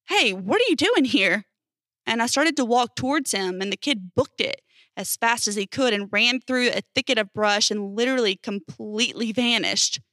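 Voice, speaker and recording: Bright-voiced woman reading stories. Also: medium pitch, dry recording. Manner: casual storytelling with emphatic swearing. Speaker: narrator reading posts.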